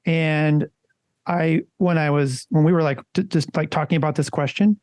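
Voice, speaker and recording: A man's voice: a little high, steady tone, normal speed, darkish tone, dry recording. A man co-hosting a casual podcast, talking loosely and conversationally and swearing now and then. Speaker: podcast co-host.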